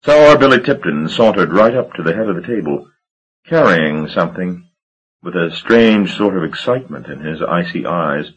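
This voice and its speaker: A man reading a gothic novel aloud as an audiobook narrator, in a measured, dramatic storytelling manner. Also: deep voice, animated, breathy edge, highs cut off. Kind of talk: scripted narration.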